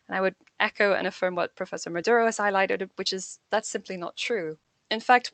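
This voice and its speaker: Measured woman on an academic panel. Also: mid-range voice, fairly bright tone, dry recording. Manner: measured, repeats phrases while thinking. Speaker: panel speaker.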